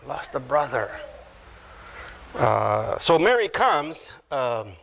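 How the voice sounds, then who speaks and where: A man preaching a sermon as pastor, unhurried and teaching verse by verse, animated as he acts out quoted voices. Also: creaky, slight background noise. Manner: animated, acts out quoted voices with sudden high pitch jumps.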